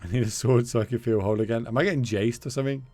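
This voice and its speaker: A man's voice: medium pitch, racing, dark tone, no room sound, faint music behind. A man streaming a card game, chatting casually with his viewers, joking and swearing.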